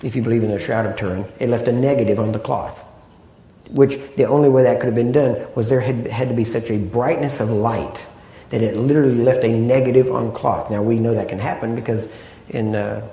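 A man's voice: medium pitch, steady tone, fairly quick, mellow. Man preaching in an echoey room. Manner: conversational, checks in with rhetorical questions. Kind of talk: sermon.

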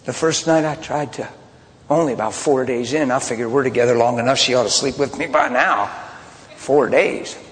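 A man preaching a sermon, mixing loud outbursts with hushed personal confessions as he tells a story. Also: mid-range voice, normal speed, a little hiss or hum. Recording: long hall reverb, faint ambience.

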